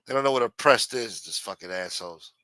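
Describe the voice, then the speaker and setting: Cursing man ranting, bright voice. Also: lowish voice, fairly quick, no room sound. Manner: blunt, heated, swears constantly. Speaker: live-stream host. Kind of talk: profane ranting monologue.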